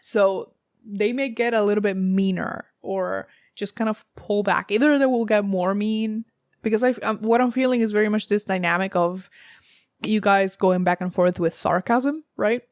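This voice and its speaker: A woman's voice: medium pitch, fairly even intonation, normal speed, darkish tone, no room sound, clean studio sound. A young woman with a slight Southern US accent giving a casual, rambling tarot reading, full of fillers and little laughs. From United States. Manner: chatty, rambling, laughs often, many fillers. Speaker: tarot reader.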